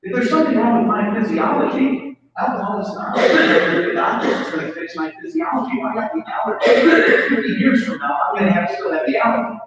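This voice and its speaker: A man's voice: extremely high pitch, big pitch swings, fairly quick, a crowd in the background. A man giving candid, wry personal testimony as a speaker at a recovery meeting in a large meeting hall. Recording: echoey hall, distant dull mic.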